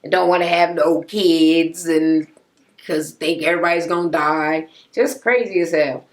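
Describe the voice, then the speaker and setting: A woman's voice: low-pitched, a little slow. Blunt, profane woman ranting a recap. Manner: exasperated, animated. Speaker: reality TV recap vlogger.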